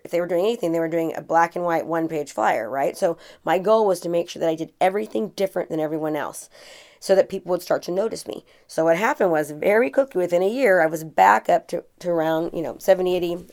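A woman's voice: on the low side, brisk, darkish tone. A middle-aged woman hosting a podcast, telling her own story in a chatty, earnest way with frequent fillers and restarts. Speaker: podcast host and real estate coach. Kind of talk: casual podcast monologue.

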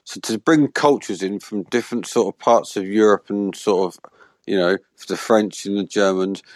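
A man co-hosting a casual podcast, speaking haltingly with many fillers. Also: lowish voice, no echo. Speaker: podcast co-host.

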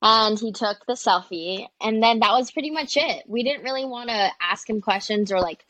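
A woman's voice: fairly high pitch, moderate pace. A young woman, a social media creator and interview guest, chatting animatedly and full of "like"s. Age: young adult. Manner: chatty and animated, many "like"s, quoting people. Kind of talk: casual storytelling in an interview.

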